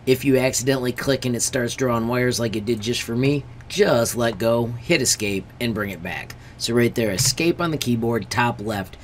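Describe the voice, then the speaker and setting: A man's voice: medium pitch, normal speed, hardly any pauses, a little hiss or hum. A man, a teacher, walking through a screen-recorded tutorial step by step, friendly and stressing warnings. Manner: friendly, repeatedly says friends.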